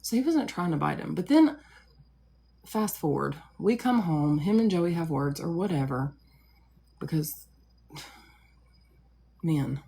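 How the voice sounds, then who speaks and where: A woman's voice: fairly low pitch, animated, measured pace, creaky, dark tone, slightly rough. A woman in her thirties telling a long story casually to a live audience, rambling with many asides and fillers. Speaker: live streamer.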